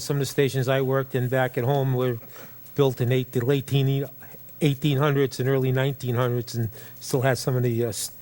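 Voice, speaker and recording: A man's voice: medium pitch, darkish tone. A city commissioner with a Boston accent puts questions to staff at a public meeting. This man keeps a mid-range voice and a casual, conversational manner.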